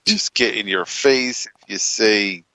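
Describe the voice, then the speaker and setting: A man's voice: lowish voice, slow pace, bright, forceful tone, no room sound, low-quality recording. Joking rambling man, dry close sound. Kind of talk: casual chat.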